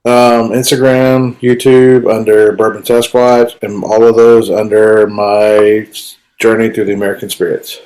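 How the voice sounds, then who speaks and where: A man speaking as a guest in a casual podcast chat, emphatic and deadpan. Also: on the low side, unhurried, low-quality recording.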